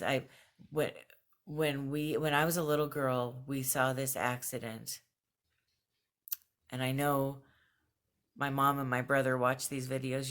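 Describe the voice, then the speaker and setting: A woman talking casually to camera in a video journal at home, earnest and thoughtful, with fillers and soft laughs. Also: a bass voice. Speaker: vlogger. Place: at home, just out of bed.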